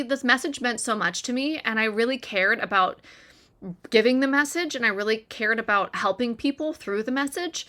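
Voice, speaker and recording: A woman's voice: on the high side, bright, forceful tone. A woman telling a heartfelt personal story to her audience in an earnest, conversational way, with lots of "like" and "right?". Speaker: recovery content creator.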